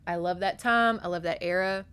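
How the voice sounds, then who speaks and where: Animated, swearing woman podcast host. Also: fairly low pitch, a little fast, clean tone. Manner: animated, profane, laughs often. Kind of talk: casual chat, book recap.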